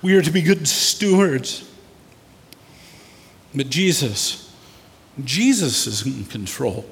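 A man's voice: fairly high pitch, big pitch swings, takes it slowly, vocal fry, husky. A man preaching a sermon as pastor, acting out scenes and building to emphatic bursts. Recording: echoey hall with long reverb.

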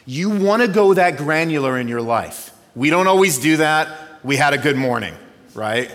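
Man, pastor, sermon, conversational, hushed then excited, higher-pitched, echoing sanctuary. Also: normal speed. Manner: conversational, swings from hushed reflection to excited storytelling. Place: church sanctuary. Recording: reverberant hall.

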